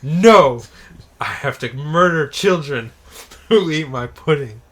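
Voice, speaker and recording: A young man co-hosting a casual podcast chat, joking and acting out characters in quick bursts. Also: a little high, animated, a bit bright. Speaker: podcast co-host.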